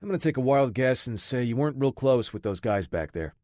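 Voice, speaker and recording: A man voicing a hardened male special operative who talks in a gruff, no-nonsense, menacing way. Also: medium pitch, expressive, brisk, darkish tone, dry recording, studio quality, close to an everyday voice. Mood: gruff, threatening.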